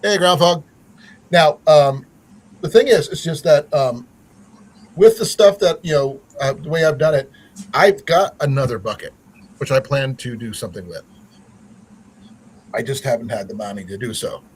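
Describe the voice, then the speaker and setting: A man's voice: mid-range voice, moderate pace, long pauses, breathy edge, rough recording. A man hosting a casual livestream chat, rambling with many fillers and restarts. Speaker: channel host.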